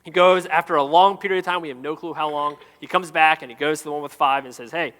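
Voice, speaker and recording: A man in his thirties preaching a sermon, telling stories with lively, playful asides. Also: on the high side, fast talker. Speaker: pastor. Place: church auditorium. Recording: echoey hall with long reverb.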